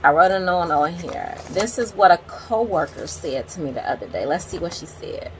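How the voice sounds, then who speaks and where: A low-voiced woman in her forties hosts a casual vlog, reading book quotes aloud and adding candid commentary. She talks straight to her viewers in a chatty, open manner, with a faint hiss behind her. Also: animated, moderate pace, rough recording. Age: 40s. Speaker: teacher and book vlogger.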